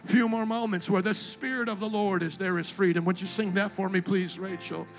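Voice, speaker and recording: A man in his thirties preaching a sermon as pastor, moving from quiet storytelling to loud exhortation. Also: high voice, steady tone, brisk, few pauses, soft background music.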